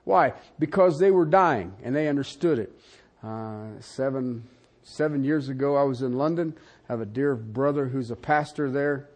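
An older man preaching a sermon, animated and conversational, with frequent asides to the congregation. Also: moderate pace. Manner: animated preaching with wide swings in pitch and loudness, asides to the audience. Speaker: pastor.

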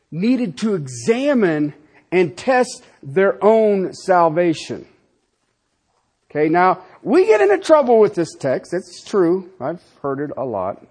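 A man's voice: high voice, breathy edge. A man preaching a sermon, emphatic and full of rhetorical questions, often stopping to check in with his listeners. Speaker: pastor.

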